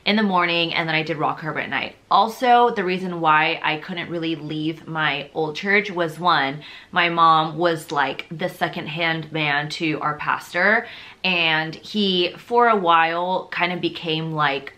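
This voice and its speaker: Low, bright-voiced young woman's testimony. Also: unhurried. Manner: chatty and rambling, heavy on fillers like "like" and "you know"; openly emotional, confessional. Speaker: vlogger sharing her faith testimony. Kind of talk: casual personal testimony.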